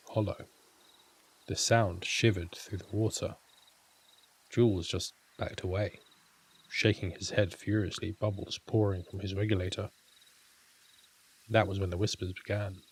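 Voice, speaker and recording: A man narrating a scripted horror story in a measured, grave, unhurried way. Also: low-pitched, husky.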